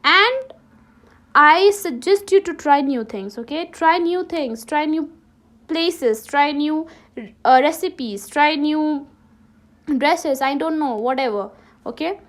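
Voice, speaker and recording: High-voiced woman teacher saying "okay?" often. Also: animated, slow pace. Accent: Ladakhi. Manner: repeats "okay?" after nearly every sentence; many restarts and self-corrections. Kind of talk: classroom lesson. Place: classroom.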